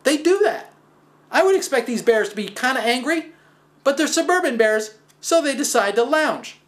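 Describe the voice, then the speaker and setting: A man hosting a stand-up style physics talk, telling stories with wry, animated asides and self-deprecating humor. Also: very high voice, moderate pace. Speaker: host.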